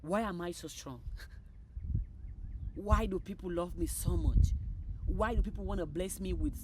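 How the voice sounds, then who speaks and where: A woman reciting upbeat affirmations in an exuberant, repetitive manner, with loud bursts. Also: on the low side, moderate pace, noisy background. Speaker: motivational creator. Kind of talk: spoken affirmations.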